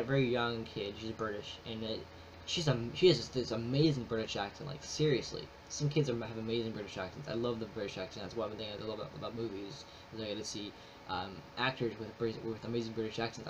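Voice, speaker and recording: A man casually reviewing a movie, rambling with many fillers and restarts, enthusiastic. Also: medium pitch. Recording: slightly dull with faint noise.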